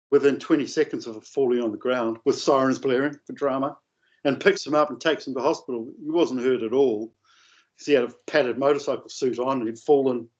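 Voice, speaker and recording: A man telling a long, rambling anecdote in a casual, animated way, with coarse language. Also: medium pitch. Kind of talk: casual storytelling. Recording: dull lo-fi audio.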